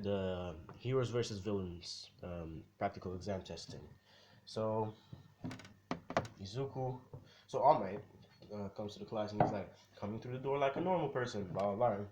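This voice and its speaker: A man with a lowish voice tells a homemade story in a loose, rambling way. He's slangy and swears freely, with a faint hiss of noise behind him. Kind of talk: casual fan-story retelling.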